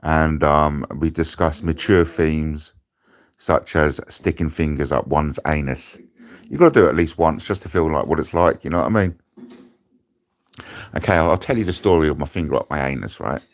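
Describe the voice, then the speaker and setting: A man's voice: rumbling low, moderate pace. A British man hosting a rambling livestream from his bed, crude and jokey, swearing freely. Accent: British English. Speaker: host. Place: in bed at home.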